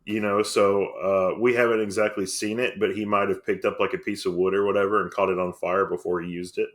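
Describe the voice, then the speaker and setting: A man's voice: low voice, level tone, a little fast. A man co-hosting a casual podcast chat, thinking aloud and questioning details. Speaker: podcast co-host.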